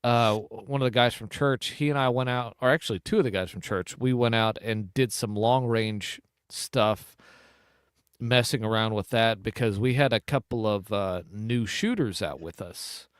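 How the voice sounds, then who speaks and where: A man's voice: fairly low pitch, moderate pace, clean tone, no echo, studio quality. A middle-aged man hosting a casual hunting podcast, rambling and often breaking off to restart his thoughts. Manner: rambling, self-interrupting. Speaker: podcast host. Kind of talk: casual chat.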